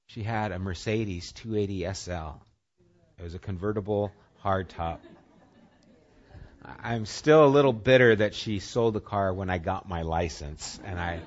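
Guy preaching, chatty storytelling sermon, goes loud then hushed, kinda muffled dull recording. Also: on the low side. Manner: conversational, swings from loud and punchy to quiet and intimate. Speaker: pastor.

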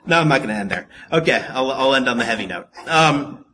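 A man preaching a casual, joking sermon to a congregation and telling Bible stories in a lively, storytelling way. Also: mid-range voice, fairly quick, slight background noise. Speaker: pastor.

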